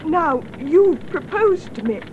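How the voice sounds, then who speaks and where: A woman's voice: extremely high pitch, animated, slow pace, darkish tone, lo-fi sound, a little hiss or hum, heavily acted. A woman playing a frightened young woman trapped in a burning house, anxious and pleading between coughs, in a scripted learner drama. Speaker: Mary, a character in a lesson drama.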